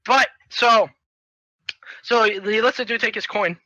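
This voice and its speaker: A man's voice: high voice, fairly even intonation, a little fast, bright, forceful tone, no room sound, lo-fi sound. A young man giving a rambling, profane comedic recap of a movie in slang. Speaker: video host.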